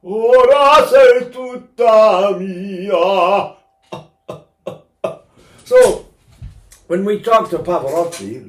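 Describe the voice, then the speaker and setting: A man in his eighties giving an informal singing lesson as a voice teacher, talking in a chatty way with joking asides. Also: a little high. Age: 80s. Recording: roomy echo.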